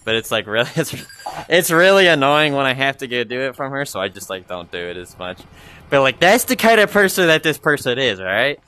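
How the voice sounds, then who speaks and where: A man's voice: mid-range voice, sing-song, a little fast, sharp tone, slight background noise. A young man rambling and complaining about his job in a casual gaming vlog, full of fillers, speaking into a VR headset mic. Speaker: gaming vlogger.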